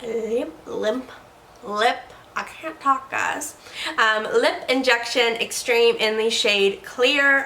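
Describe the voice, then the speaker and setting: A chatty woman hosts a relaxed beauty review from her desk at home. Her voice sits a bit high and sounds bright. She rambles along and stumbles over the odd word, and the room gives her a noticeable echo. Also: a little hiss or hum. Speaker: beauty vlogger host. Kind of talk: casual product review chat.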